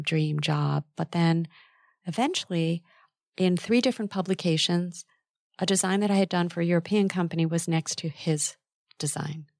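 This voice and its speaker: A middle-aged woman recounts her own career in an interview, candid and lively, tossing in quick asides as she goes. Her voice sits a little low for a woman, and the recording is close and dry with no room sound. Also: no echo. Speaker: textile designer and author. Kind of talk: personal storytelling in an interview.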